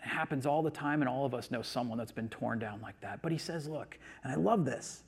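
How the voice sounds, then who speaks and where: A man preaching to his congregation, telling a personal story in a casual, animated way with lots of conversational fillers. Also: medium pitch, brisk, vocal fry, few pauses, slightly rough. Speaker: pastor. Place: church in front of a congregation.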